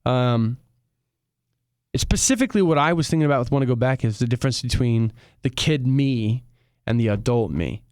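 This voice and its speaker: A young man chats as a guest in a studio, mixing thoughtful reflection with quick jokes. His voice is smooth and clear, and the close mic leaves it dry with no room sound. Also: mid-range voice, lively intonation, darkish tone, dry recording. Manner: reflective, joking. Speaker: guest musician. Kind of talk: casual chat.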